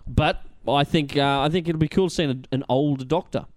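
A man with an Australian accent hosting a casual podcast, animated and swearing freely. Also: on the high side, moderate pace, dry recording, studio quality. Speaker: podcast host.

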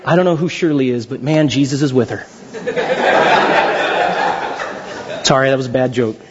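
A man's voice: mid-range voice, takes it slowly, dull audio, over a noisy crowd, very noisy. A man preaching a sermon as pastor, joking and acting out little dialogues.

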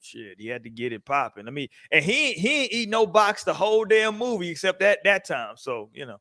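A man hosting a podcast, asking the panel questions and reading from the chat in a relaxed, slangy, joking way. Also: high voice, brisk, dry recording. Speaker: podcast host. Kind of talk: casual chat.

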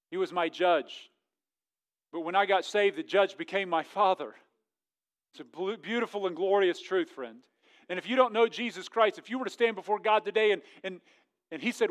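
Middle-aged man, pastor, sermon, light high voice, jokey, swings loud to hushed. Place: church sanctuary.

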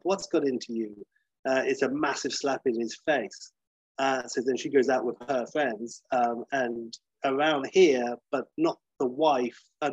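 A man talks casually through a film pitch, rambling with restarts and fillers. His voice is husky and of middle pitch, and the recording is dull and dry. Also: dry recording. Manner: rambling, full of fillers and restarts, acts out the characters.

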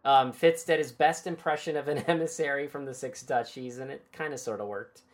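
A woman's voice: very deep voice, a little fast. A woman hosting a podcast and recapping a book chapter in casual, irreverent chat, swearing and laughing easily.

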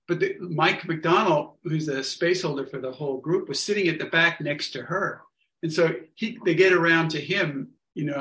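Man, storyteller, slightly high voice, acts out quotes, echoey room. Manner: animated, acts out other people's lines. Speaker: workshop leader telling a story. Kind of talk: casual storytelling in an online study group.

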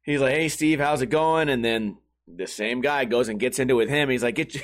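A man's voice: mid-range voice, a little fast. A young man telling a rambling story in a casual vlog, full of swearing and fillers. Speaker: streamer.

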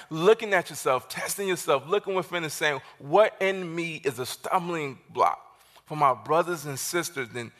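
A man's voice: on the high side, a bit bright. A man preaching as a guest pastor, telling a story with animation and acting out the dialogue. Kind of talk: sermon.

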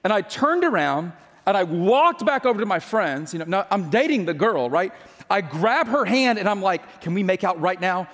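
A man with a notably high voice tells a personal story from the pulpit. He is a chatty, self-mocking storyteller who trips over his words and restarts often. His voice rings out in a big hall with a long reverb tail. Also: big pitch swings, normal speed, a bit bright. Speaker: pastor. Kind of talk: storytelling sermon.

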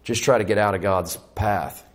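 In a fairly low voice and at a moderate pace, a man delivers a lively sermon. He moves between loud, urgent stretches and quiet ones, performs the voices of those he quotes, and asks the congregation questions.

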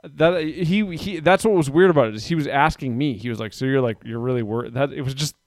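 A man's voice: mid-range voice, fast, no room sound, clean studio sound. A man in his thirties chatting casually, rambling through stories about his kids and doing their voices. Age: 30s. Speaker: parent telling stories. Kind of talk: casual chat.

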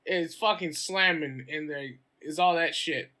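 A high, very bright male voice belongs to an American man chatting on a podcast. He is loud and animated, swearing freely as he piles up stories. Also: measured pace. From United States. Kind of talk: casual chat.

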